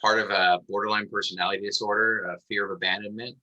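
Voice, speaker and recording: Very bright-voiced man thinking aloud. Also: on the low side, little pitch movement, fast, dull audio. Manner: reflective, thinks aloud with fillers. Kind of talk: casual conversation.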